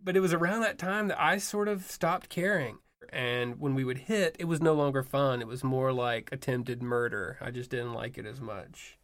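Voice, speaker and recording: Man telling a wry personal story, mid pitch, self-mocking, casual delivery, music playing behind. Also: moderate pace, a bit bright.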